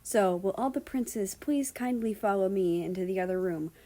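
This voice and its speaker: A woman's voice: medium pitch, normal speed, dark tone, natural voice. A woman doing a polite, formal Japanese-accented guard.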